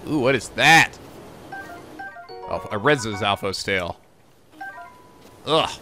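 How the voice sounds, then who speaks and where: Animated man swearing through a game. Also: fairly low pitch, slow, faint music behind. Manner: animated, swearing, joking with outbursts. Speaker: gaming video host. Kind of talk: casual gameplay commentary.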